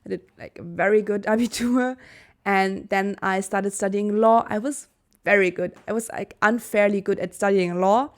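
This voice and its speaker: A woman's voice: mid-range voice, moderate pace. A young woman from Germany explaining a personal-growth topic in a video lesson, earnest and candid, correcting her own slips with a laugh. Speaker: Human Design teacher.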